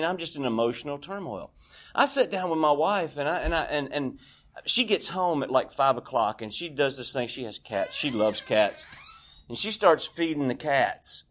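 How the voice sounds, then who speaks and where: A man tells his own recovery story to a meeting. He talks candidly and pokes fun at himself, slipping into the voices of the people in his story. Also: medium pitch. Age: 40s. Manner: candid, self-deprecating, acts out dialogue. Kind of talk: personal testimony talk.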